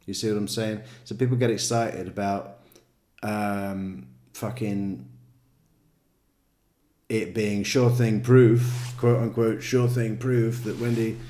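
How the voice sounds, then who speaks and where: A man's voice: fairly low pitch, little pitch movement, takes it slowly, mellow. Sweary, exasperated man ranting. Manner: swears constantly, sarcastic and exasperated, mocks others in put-on voices. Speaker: true crime commentator. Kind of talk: profane ranting commentary.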